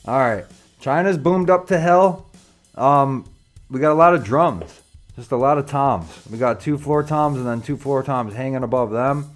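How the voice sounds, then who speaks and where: A man's voice: medium pitch, moderate pace, soft background music. A young man, rating drum kits in casual, joking chat, swearing freely and calling listeners brother. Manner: joking, profane, slangy, calls viewers brother.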